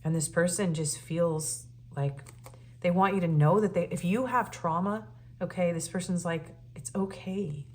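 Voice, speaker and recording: A woman's voice: on the low side, normal speed, a little mellow. Earnest woman reading tarot cards. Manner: earnest and emotional, many fillers and restarts. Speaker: tarot reader. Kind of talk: casual spoken tarot reading.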